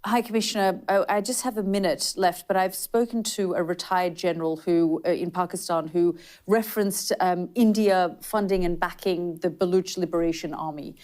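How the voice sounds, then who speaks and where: A woman interviewing on television, pressing with halting questions. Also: on the low side, steady tone, a little mellow, faint music behind.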